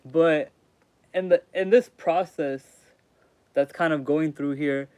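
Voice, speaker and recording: A man's voice: on the high side, slow pace, darkish tone, smooth, no echo. A young man streaming live, rambling casually as he reads and answers chat in slangy talk. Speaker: streamer reading aloud. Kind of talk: casual livestream commentary.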